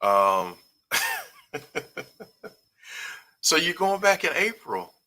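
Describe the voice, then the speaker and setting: A man's voice: a little high, big pitch swings, very slow, bright, forceful tone, low-quality recording. A man hosting a casual live-stream talk show, reading viewer comments aloud in an easygoing way. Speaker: host.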